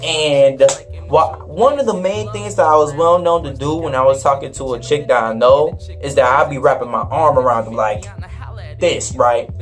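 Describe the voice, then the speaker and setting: Young man, slangy storyteller, mid pitch, soft music underneath. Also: moderate pace. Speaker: vlogger. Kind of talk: storytime vlog.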